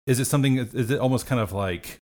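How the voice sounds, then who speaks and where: A man's voice: mid-range voice, fast, darkish tone. A man playing a tabletop role-playing game, chatting casually and thinking aloud about his character. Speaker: player.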